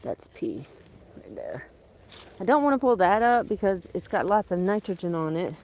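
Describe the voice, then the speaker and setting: A woman's voice: fairly low pitch, sing-song, normal speed, a little mellow, slight background noise. A woman chatting casually to the camera while she works in her outdoor garden. She talks to herself in a joking, exclamatory way. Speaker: gardening vlogger.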